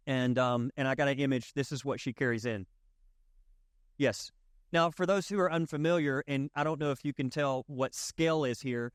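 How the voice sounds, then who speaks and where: Middle-aged pastor guy, chatty sermon story, kinda high voice, dry close mic. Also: smooth, dry recording. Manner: animated, acts out quoted voices with jumps in pitch; casual, lots of fillers and asides to the audience.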